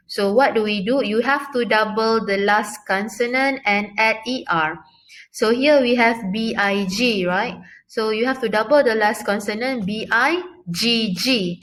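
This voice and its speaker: A young woman teaching a recorded English grammar lesson, patiently repeating key words slowly and often pausing with fillers. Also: mid-range voice, a bit bright, slight background noise.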